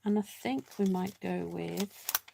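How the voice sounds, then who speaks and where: Background noise sits behind this woman's slow, gravelly, fairly low voice. She's hosting a relaxed live card-making demonstration, musing aloud as she works, poking fun at herself and welcoming viewers by name.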